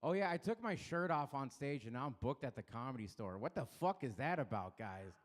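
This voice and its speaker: A man doing a stand-up comedy set on a dark club stage, with loose, rambling, crude delivery and frequent laughs at his own jokes. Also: medium pitch, animated, fairly quick.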